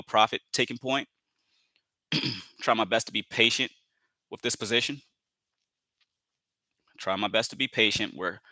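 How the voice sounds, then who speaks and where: A man's voice: medium pitch, pushed and bright, dry recording. A man giving live commentary on his trades, repeating phrases, filling with "you know" and calling viewers family as he talks himself into staying patient.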